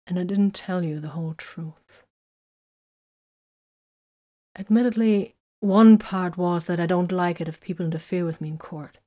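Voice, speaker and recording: A hurt, bitter young woman warrior pours out her feelings in an audiobook, as a woman reads her part. The voice sits a little low and carries raw emotion through long confessions. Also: fairly even intonation, normal speed, mellow, lightly acted. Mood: confessional. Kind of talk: audiobook character reading.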